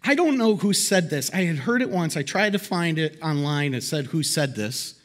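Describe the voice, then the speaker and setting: A pastor preaching a sermon to his congregation in a lively, conversational way. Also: normal speed. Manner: animated, conversational preaching with big swings in pitch. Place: church hall before a congregation.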